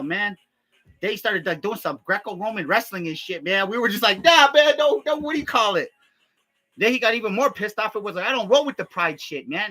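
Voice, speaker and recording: Young guy, crude improv storyteller, heavy cursing, rambling, bright tense edge to the voice. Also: high voice. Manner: crude, rambling, heavy profanity, constant filler "man". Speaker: comedy vlogger.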